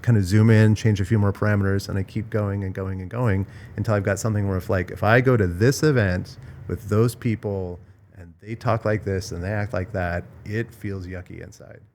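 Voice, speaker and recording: Recorded with a little hiss or hum, this man's voice is on the low side, steady and darkish in tone, and brisk. He hosts a podcast from a villa in Bali, musing through ideas in a casual, reflective conversation full of restarts and repeated phrases.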